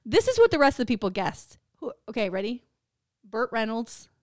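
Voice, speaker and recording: A woman's voice: fairly high pitch, sing-song, normal speed, noisy background. A woman co-hosting a podcast in casual chat, swearing freely and telling stories animatedly. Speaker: podcast co-host.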